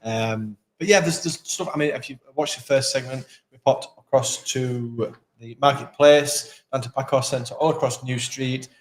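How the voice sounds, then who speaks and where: A man's voice: mid-range voice, moderate pace, hardly any pauses, a little hiss or hum. A man co-hosting a live stream from a town event, chatting casually and running through the schedule. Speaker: co-host of a live local stream.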